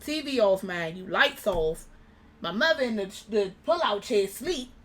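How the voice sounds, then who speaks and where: A young woman, an interview guest, telling a personal story in casual conversation, animated and acting out the dialogue. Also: medium pitch, measured pace. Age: young adult.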